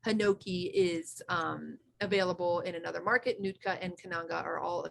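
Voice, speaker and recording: A woman's voice: fairly low pitch, fairly even intonation, normal speed, gravelly, slight background noise. Effusive woman chatting casually. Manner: effusive, enthusiastic, restarts often. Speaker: co-host. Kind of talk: casual chat.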